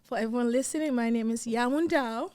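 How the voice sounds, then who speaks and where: A woman's voice: on the high side, fairly quick, darkish tone, dry recording. A woman from West Africa talking as a podcast guest, enthusiastic and giggly, calling herself a nerd. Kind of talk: casual interview chat. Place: studio set.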